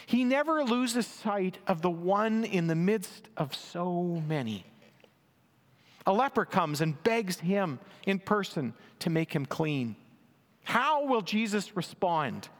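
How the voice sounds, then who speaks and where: A man's voice: high-pitched, big pitch swings, slow pace. A man preaching a sermon, reading and explaining scripture in an earnest, emphatic way, lifting his voice for quoted lines. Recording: long hall reverb.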